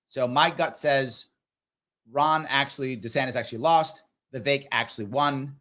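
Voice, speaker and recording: A middle-aged man hosting a live question-and-answer stream, talking straight to his viewers in a lively, conversational way. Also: medium pitch. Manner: animated, talks straight to viewers, acts out others in quick voices. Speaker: political commentator and livestream host. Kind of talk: live Q&A commentary.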